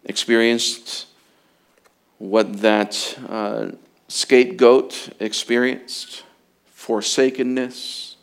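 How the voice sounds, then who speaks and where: A man preaching a sermon in an earnest way, slowing and rising for emphasis, then dropping low and quiet. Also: vocal fry, smooth. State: emotional, fighting to get through.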